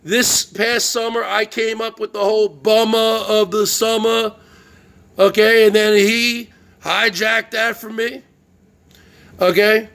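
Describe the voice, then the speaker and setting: A man's voice: sits high, fairly even intonation, unhurried, fairly bright tone. A middle-aged man hosting his own show, ranting in a boastful livestream monologue and often asking "okay?". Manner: boastful, repeats "okay?" and "I came up with that". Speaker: show host.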